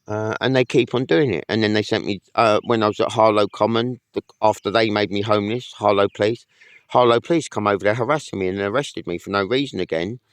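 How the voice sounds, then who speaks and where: A man's voice: on the low side, fast, smooth, no echo. A man in a casual monologue to camera, rambling and aggrieved, swearing often. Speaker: vlogger.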